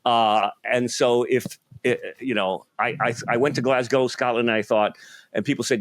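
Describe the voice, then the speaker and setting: A male comedian hosts a podcast and tells stories in a loose, rambling way. His voice is mid-pitched. The sound is dry and close to the mic. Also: moderate pace, dry recording. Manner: rambling, animated storytelling with laughs. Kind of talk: casual chat.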